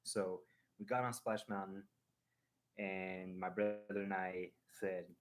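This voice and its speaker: Male stream host, lowish voice, casual rambling storyteller who acts things out. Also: takes it slowly. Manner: animated, acting out a ride with sound effects; rambling, with restarts and fillers.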